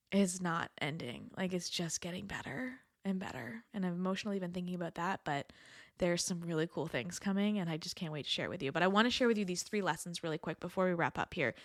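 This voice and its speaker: A woman's voice: on the low side, no room sound, clean studio sound. A young adult woman hosting a solo podcast in a chatty, earnest way, laughing often and repeating words for emphasis. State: has the hiccups. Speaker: podcast host. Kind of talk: casual solo podcast talk.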